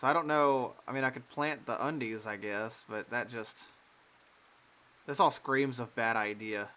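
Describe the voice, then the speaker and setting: Guy doing casual lets play commentary, jokey, bright voice. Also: medium pitch, measured pace. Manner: joking, offhand. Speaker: let's play gamer.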